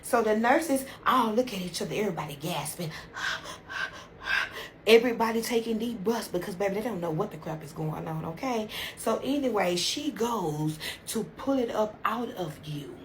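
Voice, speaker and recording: A woman's voice: mid-range voice, lively intonation, normal speed, a little hiss or hum. A woman telling a dramatic story in a chatty, casual way. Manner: dramatic, chatty, sprinkles endearments. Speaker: storytime video host.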